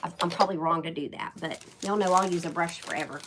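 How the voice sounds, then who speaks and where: A woman's voice: on the low side, quick pace, hardly any pauses, background noise. Chatty Oklahoma woman crafting host. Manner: chatty, folksy, thinks out loud. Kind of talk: casual craft tutorial chat.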